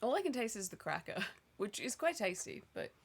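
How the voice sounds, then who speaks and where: A woman's voice: a little high, big pitch swings, brisk, slightly rough. A woman co-hosting a casual stream, chatting about snacks and teasing her partner. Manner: chatty, laughs often, teasing. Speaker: co-host. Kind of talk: casual snack-tasting chat.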